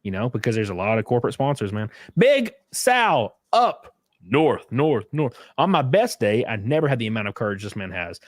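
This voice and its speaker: A young man hosts a casual political livestream and talks loosely, cursing and mocking. His pitch swings widely as he acts out other people's reactions. The sound is dry and close. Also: lively intonation, racing, hardly any pauses, no room sound. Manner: loose, profane, mocking, acts out quotes with big pitch jumps. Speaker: livestream host.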